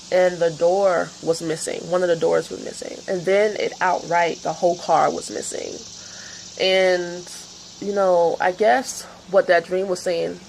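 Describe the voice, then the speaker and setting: A woman talks loosely and rambles through an astrology and tarot vlog, full of fillers and asides. Her voice sits on the low side with a gravelly, creaky edge. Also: a little hiss or hum, poor audio. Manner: rambling, chatty, many fillers. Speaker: tarot reader.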